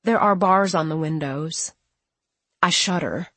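Husky woman reading a first-person audiobook. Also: low voice, measured pace, a bit bright, dry recording. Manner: plain, conversational storytelling. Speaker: audiobook narrator. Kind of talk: first-person scripted narration.

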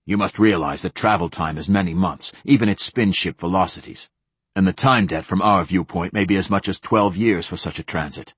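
A cold, clipped military admiral, read by a man in a very low, husky voice. He answers in a flat, curt deadpan. The sound is close and dry. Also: brisk, no echo. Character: cold, clipped middle-aged male fleet admiral.

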